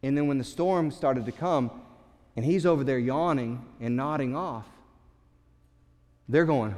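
A man preaching a sermon as pastor, swinging between loud, urgent passages and hushed, quiet ones. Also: a little high, lively intonation, measured pace, big-room sound.

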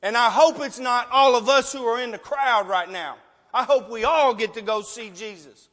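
High-pitched guy preaching, emotional and loud, lots of questions, big echoey church hall. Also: normal speed. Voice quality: passionate, emotional, loud at times. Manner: rhetorical questions, pleading. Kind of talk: sermon with altar call. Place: church sanctuary. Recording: long reverb of a large hall.

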